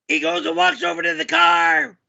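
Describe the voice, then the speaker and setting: A man putting on a shrill, yelling storyteller guy. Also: level tone, normal speed, creaky, lo-fi sound, exaggerated voice. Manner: yelling, crude and rambling. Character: loud, always-yelling male storyteller character. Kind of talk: comedic character storytelling.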